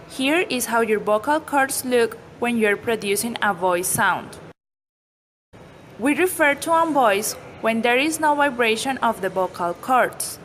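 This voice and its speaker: A woman reading a scripted pronunciation lesson in a measured, explanatory way. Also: a little high, fairly bright tone, slight background noise, low-quality recording. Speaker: pronunciation teacher. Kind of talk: scripted instructional narration.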